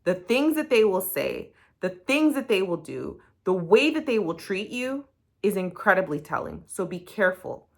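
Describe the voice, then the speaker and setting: A woman's voice: mid-range voice, very animated, moderate pace, vocal fry. A young woman recapping a reality show, talking bluntly and heatedly and swearing freely. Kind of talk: casual opinionated commentary.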